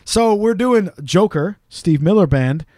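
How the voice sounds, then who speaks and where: Animated man telling funny stories. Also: high-pitched, a crowd in the background. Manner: animated, laughs at own stories, does quick voices of people he quotes. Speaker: podcast co-host. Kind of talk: casual storytelling chat.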